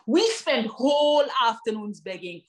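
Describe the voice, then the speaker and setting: A Jamaican woman performing her own spoken word poetry with rhythmic, emphatic delivery and dramatic pauses, breaking off for chatty asides to an unseen online audience. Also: a little high, very animated. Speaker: poet and performer.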